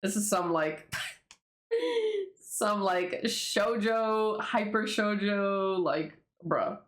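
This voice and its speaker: In an echoey room, a webtoon creator reads her own comic, taking it slowly with a sing-song, medium-pitched voice. Her commentary is casual and wandering, full of swearing and laughter.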